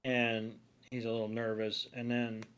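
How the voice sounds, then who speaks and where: A man's voice: mid-range voice, monotone, a little slow, a bit bright, smooth. A man co-hosting a podcast, chatting casually through a cartoon episode with fillers and asides. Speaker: podcast co-host.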